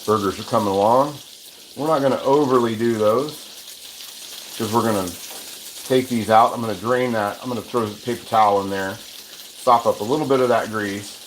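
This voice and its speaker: Brisk and fairly low-pitched, a man hosts a cooking livestream while standing at the stove in his home kitchen. He chats in a rambling, casual way, restarting often as he cooks and responds to viewers. The audio is noisy from frying sizzle, with a sizzling pan and running water in the background.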